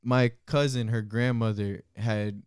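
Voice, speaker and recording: A man's voice: mid-range voice, fairly even intonation, unhurried, darkish tone, clean tone, no echo, clean studio sound. A young man hosting a podcast, telling stories in a laid-back, slangy way. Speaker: podcast host. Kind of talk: casual chat.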